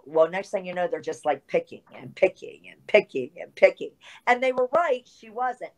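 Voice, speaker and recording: Woman, deep voice, middle-aged, interview guest, animated storyteller. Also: moderate pace. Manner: animated storyteller, full of fillers and asides. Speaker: guest, retired pro wrestler.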